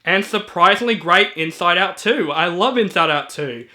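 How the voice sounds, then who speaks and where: A man reviewing movies in a casual video, chatty and enthusiastic, with filler ums and quick asides. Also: sits high, lively intonation, pushed and bright. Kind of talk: casual collection walkthrough.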